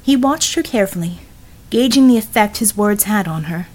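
A woman narrating an audiobook in a measured, scripted style. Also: mid-range voice, animated, darkish tone.

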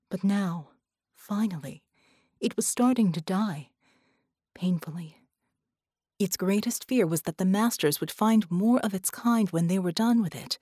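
A woman reading an audiobook in a measured, dramatic narration. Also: mid-range voice, mellow, dry recording, clean studio sound. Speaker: audiobook reader.

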